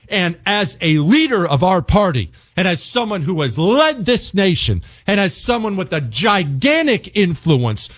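A man's voice: on the high side, dry recording. Angry radio host guy, swoops up and down a lot, dry close sound, hammers his words. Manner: emphatic, angry, repeats words for stress. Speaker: radio talk show host. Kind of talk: opinionated political monologue.

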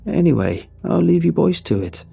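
A man's voice: fairly high pitch, very animated, normal speed, creaky, dark tone, slightly rough, faint music behind, pitched above the performer's own voice, full character voice. A man putting on a squawking shrewd old woman. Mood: squawking, rambling. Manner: squawking, rambling. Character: shrewd, shriveled elderly woman, snappish.

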